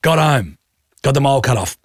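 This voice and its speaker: A man's voice: mid-range voice, lively intonation, fairly quick, dry recording, studio quality. A man hosting a radio show, telling a story in casual banter with a self-mocking streak. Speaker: radio host. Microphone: studio microphone.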